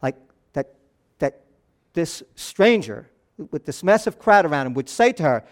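A middle-aged man preaching a sermon as a pastor, moving between soft, hushed passages and raised, animated ones. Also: high voice, a little fast.

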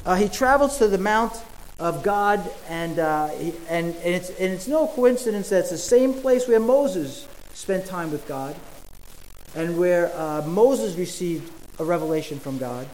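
A male preacher delivers a sermon with an earnest, explaining tone. His voice is fairly high for a man, and he pauses often with fillers. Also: expressive, darkish tone, low-quality recording.

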